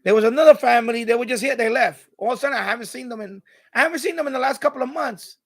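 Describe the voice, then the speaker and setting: A man hosting a live stream, casually telling a neighborhood story in an animated way and laughing often. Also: very high voice, rapid-fire.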